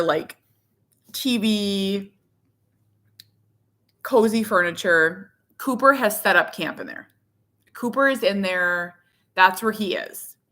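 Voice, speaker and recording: A woman in her thirties chatting casually to her viewers from her living room, rambling and animated, with lots of "like". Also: mid-range voice. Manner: rambling, heavy use of "like"; candid, animated. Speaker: vlogger, parent.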